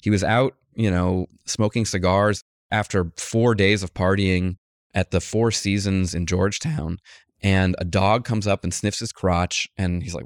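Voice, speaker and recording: A male journalist as an interview guest, telling a story with lively acted-out quotes. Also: sits low, normal speed, no room sound, clean studio sound. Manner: animated storyteller, acts out quotes. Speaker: guest author, political journalist. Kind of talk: conversational interview.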